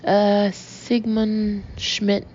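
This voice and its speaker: Woman doing a guy faking a german accent, broken english, slow and gravelly, kinda muffled. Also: medium pitch, monotone, mellow, slight background noise. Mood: flustered. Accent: fake German. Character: man faking a German tourist. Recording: dull lo-fi recording.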